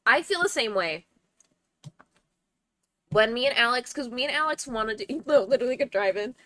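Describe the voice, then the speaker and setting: A woman's voice: fairly high pitch, animated, normal speed, a bit bright, dry recording. A young woman streaming from home, chatting casually with her viewers, swearing freely and breaking into laughter. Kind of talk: casual livestream chat.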